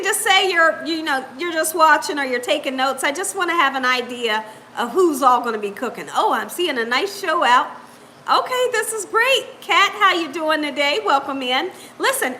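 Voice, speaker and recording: A woman's voice: very high-pitched, bright, forceful tone, a little hiss or hum. A woman hosting a live cooking stream, chatting upbeat with viewers, greeting them by name and laughing often. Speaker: cooking channel host.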